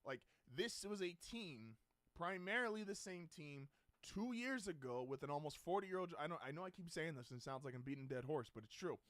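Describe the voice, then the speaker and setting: Animated man ranting over a draft. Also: on the high side, a little fast, no room sound. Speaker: podcast host. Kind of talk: live draft watch-along commentary.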